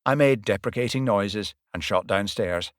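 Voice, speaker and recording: A man narrating a first-person audiobook with animated, dramatic storytelling that rises and falls with the action. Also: normal speed, dry recording, studio quality. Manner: animated, swings pitch and loudness with the action.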